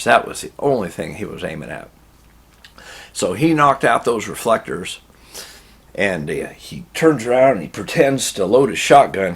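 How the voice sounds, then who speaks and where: Low, gravelly man spinning a yarn, folksy and rambling. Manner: folksy, rambling, drawn-out telling. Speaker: storyteller. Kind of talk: casual spoken storytelling.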